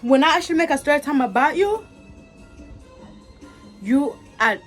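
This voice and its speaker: A woman's voice: high voice, normal speed, soft background music. A young woman vlogging a storytime, talking straight to her viewers, repeating herself and swinging between angry outbursts and laughter. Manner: animated, repetitive, talks straight to viewers. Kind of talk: casual storytime vent.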